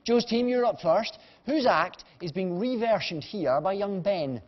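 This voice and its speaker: A man's voice: high voice, animated, unhurried, big-room sound. A man hosting a comedy panel show, teasing and joking with the panel. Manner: teasing, jokey. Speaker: host. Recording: dull TV studio sound with audience. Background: studio audience.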